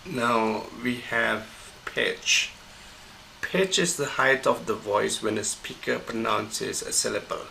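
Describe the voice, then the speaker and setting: A man, a university lecturer, giving a recorded pronunciation lesson, explaining slowly and methodically, repeating examples and correcting himself. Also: lowish voice, creaky, bright, forceful tone, slight background noise, low-quality recording.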